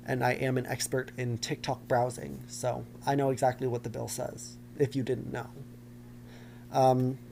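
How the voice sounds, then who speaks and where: Young man, podcast host, campy, theatrical, vocal fry, faint hiss behind. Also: mid-range voice, warm tone. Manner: dramatic, campy, self-mocking. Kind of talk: casual solo podcast chat. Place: home basement.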